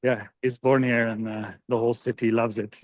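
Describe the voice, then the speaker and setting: A man's voice: medium pitch, little pitch movement, moderate pace, dry recording. A man chatting casually on a group video call, friendly and full of fillers. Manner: friendly, laughing, filler-heavy. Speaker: call participant.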